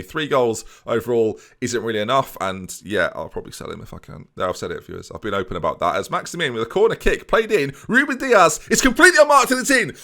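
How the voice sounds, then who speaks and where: A young man commentating on his own football management game, excitable and talking to his viewers. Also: mid-range voice. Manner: excitable, mock-commentator, addresses viewers constantly. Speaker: gaming YouTuber.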